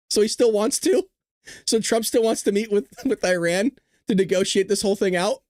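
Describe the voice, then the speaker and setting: Here the male host has a high, somewhat mellow voice at a moderate pace, captured in clean studio sound without echo. Tired from a late night, he jokes and swears through his casual news commentary stream and keeps giggling.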